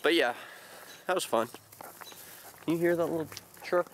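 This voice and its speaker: A man's voice: fairly high pitch, normal speed, a bit bright, a little hiss or hum. A man in his twenties chatting casually to the camera in a vlog, rambling and joking as he tells stories outdoors. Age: 20s. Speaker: vlogger. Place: outdoors in a quiet open field.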